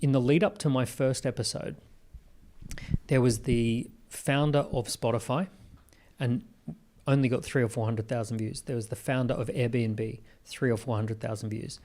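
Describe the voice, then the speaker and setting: A man with an Australian accent, a guest on an interview podcast, telling business stories in an animated way with quick restarts and asides. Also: mid-range voice. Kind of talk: conversational interview.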